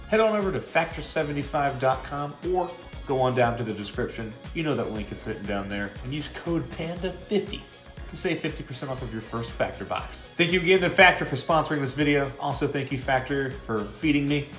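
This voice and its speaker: A man's voice: medium pitch, expressive, brisk, fairly bright tone, soft background music. A man reads a sponsor spot with a wry, self-mocking humor. His voice sits mid-range and carries a noticeable room echo. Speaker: host reading a sponsor ad. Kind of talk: sponsor read.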